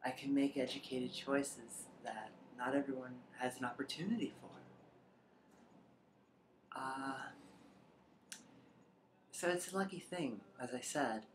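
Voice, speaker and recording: A woman's voice: very deep voice, takes it slowly, long pauses. A trans woman talking reflectively in a personal vlog, rambling at times and sometimes dropping to a near whisper. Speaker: vlogger. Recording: echoey room with faint background noise.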